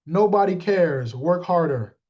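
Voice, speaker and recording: A man's voice: high voice, lively intonation, unhurried, dull audio. A man coaching his sales team in a live motivational talk, blunt and joking, calling on listeners by name and acting out little exchanges.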